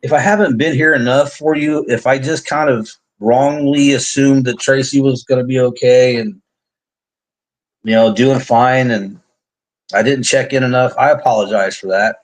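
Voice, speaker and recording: A man's voice: medium pitch, fairly even intonation, normal speed, low-quality recording. A man hosting a live faith testimony stream, talking in an earnest, rambling way with frequent restarts and light jokes. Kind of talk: casual heartfelt live chat. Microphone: online live stream.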